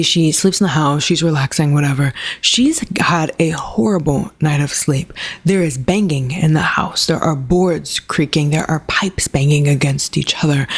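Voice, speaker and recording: A woman's voice: low-pitched, breathy edge. A woman book reviewer retelling a plot in a chatty way, with sarcastic asides. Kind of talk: casual book review rant.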